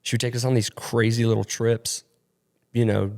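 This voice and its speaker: A man's voice: medium pitch, level tone, moderate pace, creaky, a little mellow. A young man from upstate New York talks into a studio mic, his voice stuffy and nasal. He rambles easily between topics and leans on fillers. He laughs often as he goes. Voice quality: nasally, congested from allergies. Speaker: podcast co-host. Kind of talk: casual chat. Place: rented studio.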